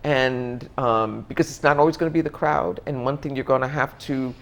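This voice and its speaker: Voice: mid-range voice, a little fast. Reflective interview guest, searching for words. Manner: thoughtful, searching for words, frequent restarts.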